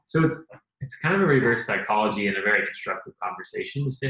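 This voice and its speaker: A man's voice: on the low side, fast talker, sharp tone. A man co-hosting a casual advice chat, talking earnestly and acting out bits of dialogue. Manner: earnest, acts out quoted dialogue. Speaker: co-host. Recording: echoey room.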